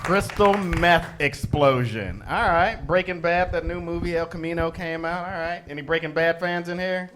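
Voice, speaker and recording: A man's voice: a little high, normal speed, few pauses, crowd noise, background noise. A man hosting a comedy show and teasing audience members between acts. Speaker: host. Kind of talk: stand-up crowd work.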